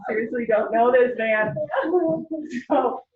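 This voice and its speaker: A woman instructor lectures to a class, slipping into personal anecdotes and laughing easily. Her voice sits fairly high and comes across chatty and animated. The recording is dull and roomy, picked up from across the classroom. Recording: roomy, dull sound from a distant mic.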